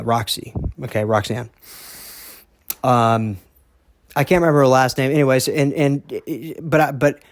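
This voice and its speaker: A man's voice: mid-range voice, no echo, studio quality. A man from Texas telling a heated story in a casual, rambling monologue, repeating himself and cursing. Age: young adult. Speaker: podcast host.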